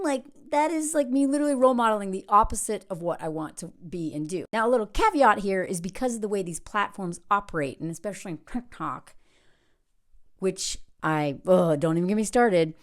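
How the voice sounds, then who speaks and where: A woman's voice: medium pitch, fairly bright tone. A woman who makes online videos talks in a casual personal vlog. She rambles, interrupts herself, uses many fillers, and is reflective and candid. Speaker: content creator.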